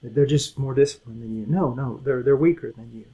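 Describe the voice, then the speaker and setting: A middle-aged man preaching a Bible lesson with earnest, pleading urgency that drops to quiet intensity. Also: medium pitch, a little fast, husky, dull audio. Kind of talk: sermon.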